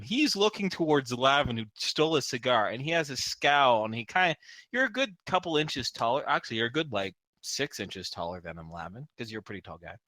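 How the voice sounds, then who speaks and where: A man narrating as game master in a casual tabletop session, animated and often laughing. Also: medium pitch, dry recording. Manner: animated, laughing, loose with fillers.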